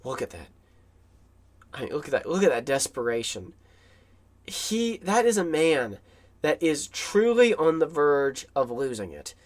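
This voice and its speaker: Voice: medium pitch, big pitch swings, measured pace, long pauses. A film commentator rambles through a casual voice-over. The talk is enthusiastic and full of fillers and restarts.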